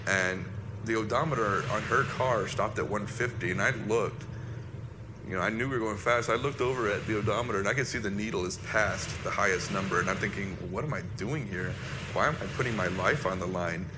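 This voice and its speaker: A man, a former soldier recounting an incident in a halting, reflective personal monologue. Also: lowish voice, noisy background.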